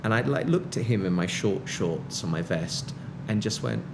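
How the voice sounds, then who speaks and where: A man's voice: on the low side, animated, normal speed, gravelly, background noise. A British man, a musician guest in a casual interview, telling stories with wry, self-mocking humor.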